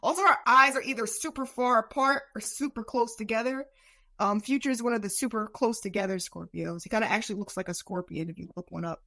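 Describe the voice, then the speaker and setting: A woman's voice: fairly high pitch, quick pace, bright, forceful tone, dry recording. A woman co-hosting a podcast, chatting casually and acting out what people said. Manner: wry, acts out quoted people. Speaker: podcast co-host. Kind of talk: casual chat, reading out a biography.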